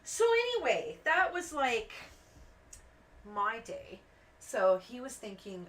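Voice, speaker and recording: Slow-paced and a little high, a woman's voice narrates rambling stories while she colors for her craft channel, acting out quotes from the people she describes. The recording places her somewhat away from the mic, with faint background noise.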